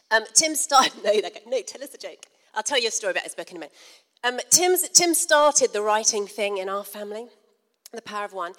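A woman's voice: mid-range voice, a bit bright, in a large hall. A middle-aged woman, giving a humorous, self-deprecating storytelling talk to a conference crowd and laughing often. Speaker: conference speaker.

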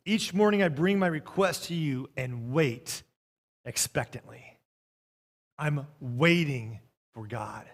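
A pastor preaches a sermon, reading scripture and telling a story while swinging between soft passages and loud ones. His voice is on the high side and his delivery slow.

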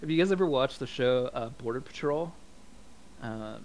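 Gravelly laid-back Canadian man. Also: mid-range voice, lively intonation, moderate pace, a crowd in the background, rough recording. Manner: laid-back, chuckling anecdote teller. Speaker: podcast co-host. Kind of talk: casual chat.

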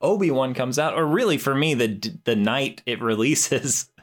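Man, upbeat, animated pitch, laughs often, casual podcast host. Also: normal speed. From West Coast of the United States. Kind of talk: casual chat.

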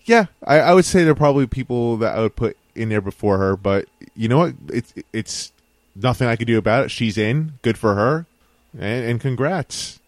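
A man co-hosting a podcast in casual chat, animated and quick to defend himself. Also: medium pitch, no echo. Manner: animated, defensive, laughs often. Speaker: podcast co-host.

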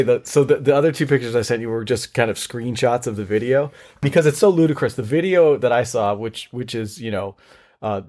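A man's voice: mid-range voice, a little mellow. A man co-hosting a casual podcast, leading the talk through a song with a chuckling, chatty manner. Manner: chuckling, talkative, keeps the segment moving.

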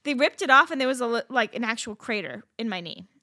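Bright, animated woman telling a story. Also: a little high, quick pace, no room sound, studio quality. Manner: animated storytelling with frequent swearing and fillers. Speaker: podcast co-host. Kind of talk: casual chat.

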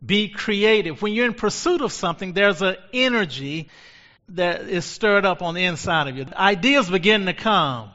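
A man's voice: sits high, animated, normal speed, sharp tone. A male pastor preaching a sermon in a fervent way, repeating phrases for emphasis, recorded in a large church. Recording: long hall reverb, dull lo-fi sound.

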